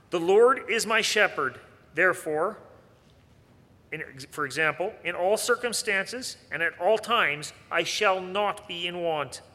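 A male pastor preaches in an earnest tone, often pausing on rhetorical questions. His voice sits high and rings bright. A long reverb trails his words through the hall. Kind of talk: sermon.

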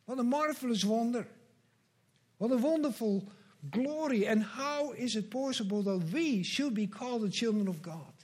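High-pitched guy preaching, earnest and slow, repeats stuff for emphasis. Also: animated, a little mellow. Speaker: pastor. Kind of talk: sermon.

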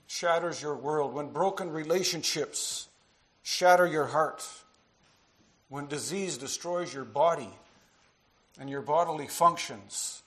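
A man preaching a sermon to his congregation, earnest, dropping to quiet asides and rising into emphatic passages. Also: medium pitch. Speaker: pastor.

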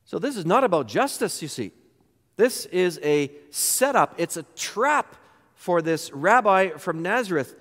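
High-voiced man preaching in a reverberant hall. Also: sing-song, a little slow, a bit bright. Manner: emphatic, rhetorical questions. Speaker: pastor. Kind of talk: sermon.

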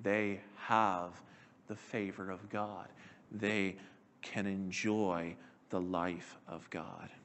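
A man preaching a sermon in a measured, earnest way, slowing and dropping his voice to stress key words. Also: low voice, fairly even intonation, a bit bright, slight background noise.

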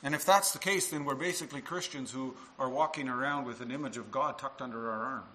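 A man's voice: medium pitch, quick pace, pushed and bright, a little hiss or hum, poor audio. A male minister preaching a sermon to his congregation, earnest and full of rhetorical questions.

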